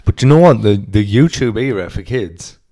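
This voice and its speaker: A man co-hosting a podcast, talking bluntly in casual chat with quick reactions, swearing and laughing. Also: fairly low pitch, lively intonation, dark tone. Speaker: podcast co-host.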